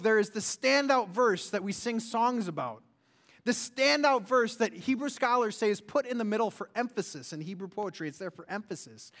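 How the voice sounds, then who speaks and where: A man preaching a sermon as a pastor, earnest, rising loud and then dropping to a hush. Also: sits high. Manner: earnest, swings from loud to hushed.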